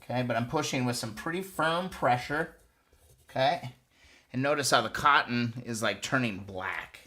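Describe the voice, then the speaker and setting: A man's voice: mid-range voice, normal speed, bright, forceful tone. A man hosting a live stream, chatting casually and coaching viewers step by step through a hands-on task. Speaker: host of a motorcycle restoration live stream.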